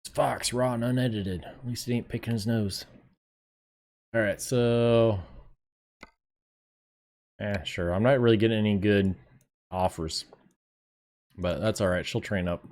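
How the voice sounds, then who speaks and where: A fairly low-voiced young man streaming a game. He talks to his viewers in a relaxed, off-the-cuff way and swears casually. His commentary stays loose and unscripted. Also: measured pace, long pauses. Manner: chatty, laid-back, swears casually, talks to chat. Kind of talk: casual live gameplay commentary.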